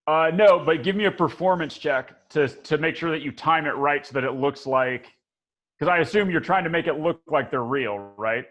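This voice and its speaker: A man's voice: fairly high pitch, normal speed, fairly bright tone. A man running a tabletop game as dungeon master, rambling with frequent restarts and laughter.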